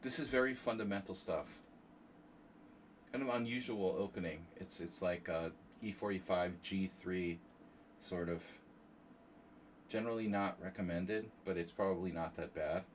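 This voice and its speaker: A lower-voiced man with a nasal tone chats loosely to his viewers while he plays online chess, drifting into offhand, self-deprecating asides. He sounds a little distant from the mic, with a faint hiss of background noise. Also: moderate pace, long pauses. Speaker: chess streamer hosting a tournament. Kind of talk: casual livestream commentary while playing.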